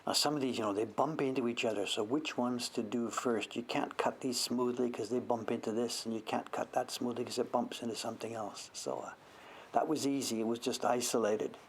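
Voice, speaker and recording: A man's voice: mid-range voice, fairly even intonation, a little fast, slight background noise. An older man from Canada chatting casually on a livestream, rambling as he works on a carving. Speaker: woodblock printmaker streaming live.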